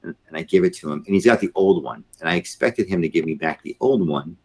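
A middle-aged man, a podcast guest, telling a long anecdote in a casual, animated way, with many fillers and frequent laughs. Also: low voice, fast, husky. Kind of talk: casual storytelling.

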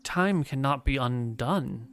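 A woman voicing a gentle, motherly female dryad who stays calm and unbothered. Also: very deep voice, takes it slowly, soft background music, exaggerated voice.

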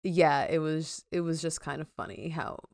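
A woman's voice: low voice, moderate pace, vocal fry, darkish tone, no echo, studio quality. A young woman co-hosting a podcast in casual chat, giggly and chatty with lots of fillers. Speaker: podcast co-host.

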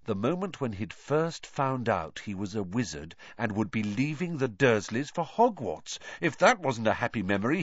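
A man reading a novel aloud as an audiobook narrator, with expressive delivery. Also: medium pitch, no echo, muffled recording.

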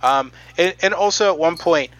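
Podcast host, man, bright and slightly high, halting with lots of ums. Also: low-quality recording. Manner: halting, many ums, reading quotes aloud. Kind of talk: casual podcast chat.

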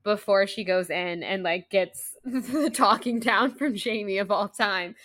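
A woman co-hosting a podcast, talking casually and at length about a book, with lots of fillers and a rambling, animated delivery. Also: medium pitch, measured pace, no echo. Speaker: podcast co-host.

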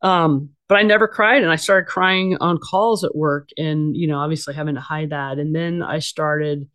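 Her voice is deep and a bit bright, with fairly even intonation and a moderate pace. A middle-aged interview guest, she shares candid conversational stories bluntly and casually, often using fillers and restarting sentences.

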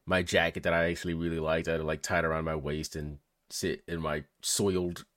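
A man's voice: deep voice, little pitch movement, fairly quick, fairly bright tone, no echo, studio quality. A young man hosting a casual podcast, laid-back, swearing and laughing easily. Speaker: podcast host.

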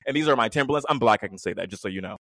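A man's voice: on the low side, rapid-fire. A young man in casual podcast chat, telling stories with lots of swearing and energy. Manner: profane, animated storytelling.

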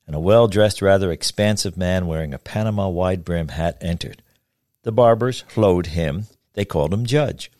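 A man in his seventies reading his own folksy story, then chatting in an unhurried way with some hesitation. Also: sits low, darkish tone, no room sound, studio quality. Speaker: storyteller, author.

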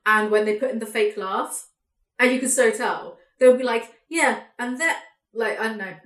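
A woman hosting a casual podcast chat and ranting in an animated, sarcastic way with plenty of swearing. Her voice sits a bit high. The room gives a noticeable echo. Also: normal speed. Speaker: podcast host, YouTuber.

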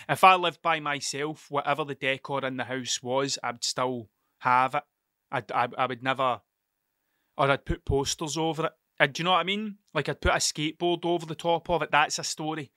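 A Scottish man in his thirties with an Ayrshire accent hosts a podcast, telling a sweary, rambling story that keeps drifting off track as he restarts sentences midway. His voice is a little high with a sharp tone, in a dry, studio-quality recording.

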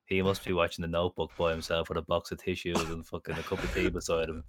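A man's voice: sits low, little pitch movement, fast, slight background noise. A young man on a casual podcast, laid-back and swearing, quoting texts in other voices. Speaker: podcast co-host. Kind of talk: casual chat.

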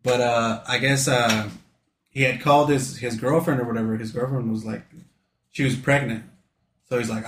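A man's voice: medium pitch, fairly even intonation, brisk, gravelly, slight background noise. Laid-back slangy man in a roomy space. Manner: laid-back, slangy, profane, laughing while telling a story. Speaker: storyteller among friends. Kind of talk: casual chat. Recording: roomy echo.

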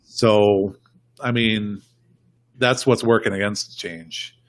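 Man, lowish voice, dry close sound; rambling, emphatic podcast guest. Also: steady tone, slow, dry recording. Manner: rambling, emphatic, repeats himself. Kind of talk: casual political chat.

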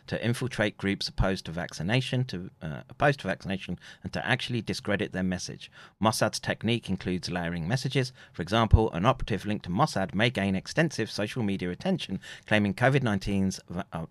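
A man's voice: on the low side, no echo. Man reading aloud with sardonic asides. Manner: reads passages aloud with sardonic hums and asides. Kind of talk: commentary reading from a text.

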